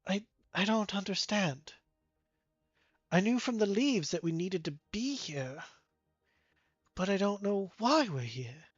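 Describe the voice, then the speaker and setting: Game master playing a tall dreamy figure, slow, soft, confused, muffled dry mic. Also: mid-range voice, animated, husky, no echo, soft background music. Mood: bewildered. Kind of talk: tabletop game voice acting.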